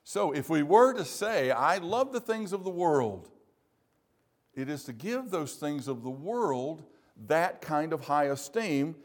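A man preaching a sermon in a church, slowing down to stress key phrases. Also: fairly high pitch. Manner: measured, emphatic preaching with slow stressed phrases.

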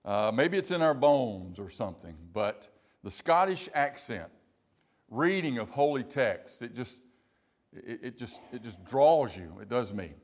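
A pastor from South Carolina, preaching a sermon slowly and deliberately, with emphatic repeated phrases. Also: male voice, mid-range voice, sing-song.

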